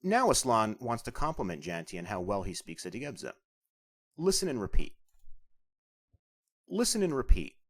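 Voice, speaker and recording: A man narrating a scripted language lesson as the instructor, explaining clearly and patiently. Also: mid-range voice, big pitch swings, moderate pace, long pauses.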